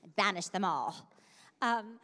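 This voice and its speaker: Animated woman telling stories on a panel. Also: medium pitch, unhurried. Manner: animated storyteller who acts out quotes. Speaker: voice actor on a convention panel. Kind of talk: casual panel answers.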